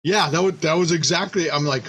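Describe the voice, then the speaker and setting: A man's voice: fairly quick, slightly rough, low-quality recording. A man, a company founder, recounting his history in a casual, rambling anecdotal way, full of restarts and repeated words, and acting out quoted dialogue. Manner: animated, acts out quoted dialogue with big pitch jumps.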